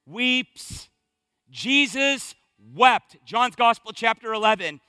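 Guy preaching a sermon, really high bright voice, dry close sound, talks loose and casual then gets fired up. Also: expressive, slow pace, smooth, no echo, faint music behind. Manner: impassioned, swings from hushed to loud; conversational, colloquial preaching. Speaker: pastor.

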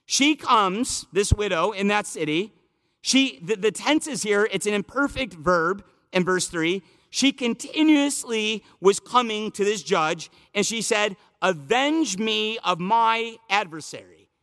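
A man's voice: sits high, expressive, measured pace, fairly bright tone, long reverb tail. A man preaching an expository sermon, explaining the text in a conversational teaching manner and building to emphatic repeated phrases. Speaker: pastor.

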